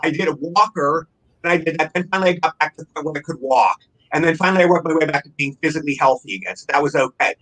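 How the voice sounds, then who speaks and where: An older man, an actor, telling a long personal story in a casual interview, rambling and animated, often breaking off and restarting. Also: a little high, racing, poor audio.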